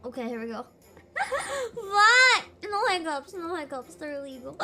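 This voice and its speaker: An excitable woman streamer reacting to a video game, very high-pitched and lively, laughing and swearing freely. Music plays clearly behind her voice. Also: a little slow. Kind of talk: casual gaming livestream commentary.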